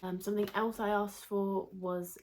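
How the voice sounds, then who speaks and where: A young woman with a British accent chatting casually on her vlog, rambling and laughing at herself, a little hoarse as she loses her voice. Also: medium pitch, little pitch movement, moderate pace, a little mellow, slight background noise. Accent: British English. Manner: chatty, rambling, self-deprecating, light laughter. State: slightly losing her voice. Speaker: YouTuber. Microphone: camera mic under a ring light.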